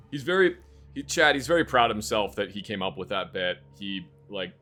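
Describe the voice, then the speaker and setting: A man's voice: fairly low pitch, moderate pace, sharp tone. A man streaming a horror game live, chatting casually and muttering to himself as he plays, now and then humming little choo-choo noises. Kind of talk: casual live gameplay commentary.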